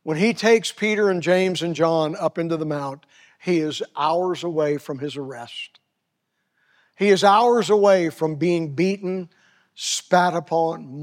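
Man in his 70s, preacher, high voice, dramatic sermon delivery, hushed to raised, long hall reverb. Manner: dramatic, swinging from hushed near-whisper to raised voice.

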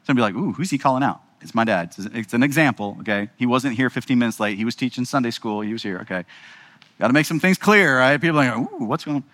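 A man's voice: medium pitch, lively intonation, fast talker, a bit bright. A man preaching a sermon as pastor, emphatic and rhetorical, often checking in with the audience. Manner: emphatic, rhetorical, keeps asking the audience "right?".

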